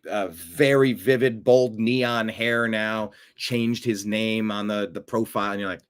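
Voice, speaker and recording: A man hosting a profane political rant, swinging from low mutters to loud outbursts. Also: steady tone, measured pace, few pauses, clean tone. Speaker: political commentary host.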